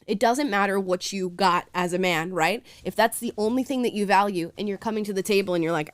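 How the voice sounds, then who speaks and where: A woman's voice: medium pitch, brisk, few pauses, no echo. Sarcastic young woman reacting on camera. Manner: animated, sarcastic, playful. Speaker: host reacting to a panel video. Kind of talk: casual reaction commentary.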